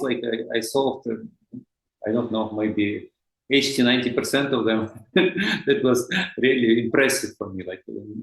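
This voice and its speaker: A man's voice: medium pitch, a little slow, vocal fry. Russian-accented man in an echoey room. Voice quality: hesitant, many fillers and restarts. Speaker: guest expert. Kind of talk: podcast interview.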